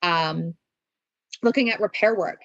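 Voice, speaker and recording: A woman's voice: fairly low pitch, unhurried, gravelly, fairly bright tone, no room sound, highs cut off. A woman giving parenting advice in an interview, earnest and coaching, asking many rhetorical questions and checking in with "right?". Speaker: parenting expert guest.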